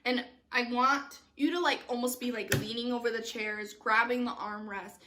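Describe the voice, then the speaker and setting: A woman's voice: a little high, fairly even intonation, moderate pace, noisy background. A woman teaching youth theater online, giving upbeat stage directions and checking in with "okay?" as she goes. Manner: upbeat, instructive, frequent "okay?" check-ins.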